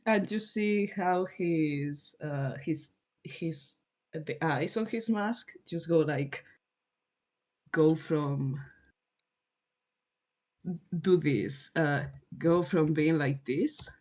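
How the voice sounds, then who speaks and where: A tabletop role-play player describing their character's actions in a halting, unhurried way, laughing often. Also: medium pitch, animated, darkish tone.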